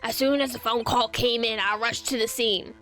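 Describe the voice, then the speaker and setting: A woman voicing a gruff, deferential male detective, lowering her voice and ending lines with "sir". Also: steady tone, moderate pace, bright, forceful tone, faint music behind. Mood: dutiful.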